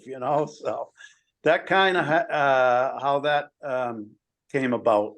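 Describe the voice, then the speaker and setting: A man's voice: mid-range voice, slow pace, fairly bright tone. A man who plays in a band, telling a story hesitantly over a video call. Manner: hesitant, full of fillers. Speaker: band member, guest. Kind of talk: casual storytelling.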